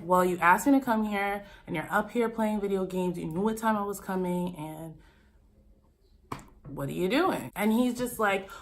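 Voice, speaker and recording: Animated woman telling a storytime vlog. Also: mid-range voice. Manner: animated storytelling, addressing viewers as "you guys". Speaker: YouTuber.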